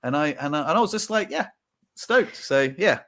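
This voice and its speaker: In a casual podcast chat, a male co-host tells a reflective personal story, acting out his own thoughts. His voice is on the high side and a bit bright, with lively intonation at a moderate pace.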